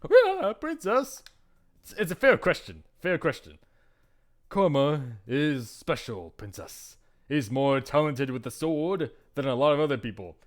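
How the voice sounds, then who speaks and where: A man's voice: medium pitch, expressive, a little slow, close to an everyday voice. A man playing a flirtatious swordsman. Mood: teasing. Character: charming swordsman mentor, smooth and playfully vain.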